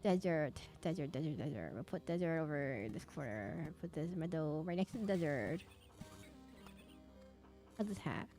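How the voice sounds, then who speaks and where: A woman's voice: low voice, lively intonation, moderate pace, warm tone, soft background music. A young woman chatting casually while streaming a game, rambling and giggling with lots of restarts and asides.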